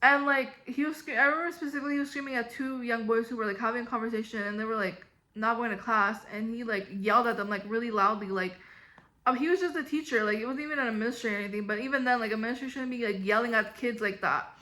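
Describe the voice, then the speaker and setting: A woman's voice: on the high side, fast talker, bright, forceful tone. A young woman casually telling childhood stories to the camera, rambling with lots of "like" and restarts. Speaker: vlogger. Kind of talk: casual storytelling.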